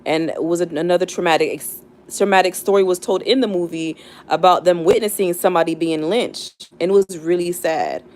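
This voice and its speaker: A young woman talks casually on a live stream, thinking aloud with plenty of fillers and restarts. Her voice sits a little low for a woman, and her talk stays loose and conversational throughout. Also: fairly even intonation, a little fast, a little mellow, slight background noise. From United States, not the South. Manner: chatty and reflective, many fillers and restarts. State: near tears. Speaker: livestream host.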